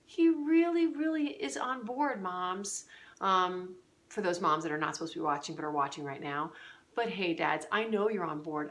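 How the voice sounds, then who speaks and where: Earnest, fairly low-voiced woman coach. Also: fairly bright tone. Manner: earnest, conversational, many fillers and restarts. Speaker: parenting coach. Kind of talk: direct-to-camera advice talk.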